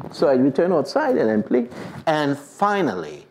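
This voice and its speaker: A priest tells a personal story in an animated way, often saying "you know". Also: male voice, fairly high pitch, normal speed, slight background noise.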